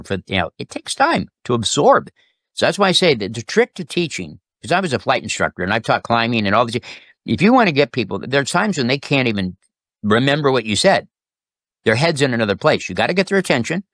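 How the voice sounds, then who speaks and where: A man as an interview guest, telling sales stories in a lively way and acting out the people in them. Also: mid-range voice, no echo, studio quality. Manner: animated, acts out quoted customers and bosses. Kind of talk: casual storytelling interview.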